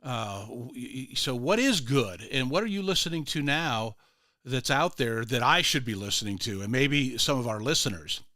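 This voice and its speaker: A man's voice: mid-range voice, lively intonation, normal speed, bright, forceful tone, no echo, clean studio sound. An older man hosting a morning radio show, telling a rambling story full of restarts and fillers. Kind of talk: casual radio chat.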